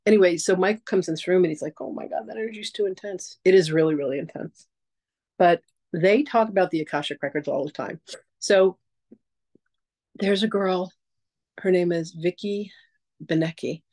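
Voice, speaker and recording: A woman teaching a casual masterclass, telling stories in a chatty, animated way and acting out quotes. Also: fairly low pitch, normal speed, long pauses, rough recording. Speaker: psychic teacher.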